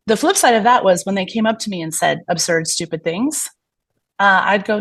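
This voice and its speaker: Lively in intonation and fairly quick, her mid-range voice carries casual podcast storytelling. A physician being interviewed, she's candid and chatty, acting out exchanges amid frequent fillers and restarts.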